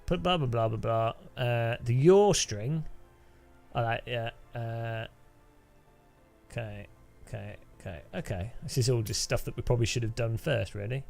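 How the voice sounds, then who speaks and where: A man's voice: mid-range voice, unhurried, creaky, a little mellow, soft background music. A man talks to his live-stream chat while playing a game. He rambles, restarts sentences often, and laughs a lot. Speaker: gaming streamer.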